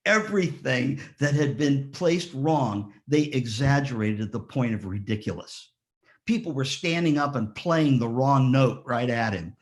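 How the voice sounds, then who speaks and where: Male ceremony speaker, mid pitch, storyteller who acts out quotes and keeps asking the crowd "yeah?". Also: a little slow. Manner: lively storyteller, rhetorical questions, acts out quotes. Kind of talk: motivational speech with stories.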